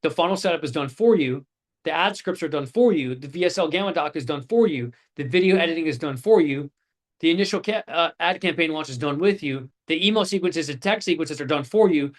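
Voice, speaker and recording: Man in his twenties, high voice, live online class, casual swearing, animated stories. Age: 20s. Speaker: course instructor.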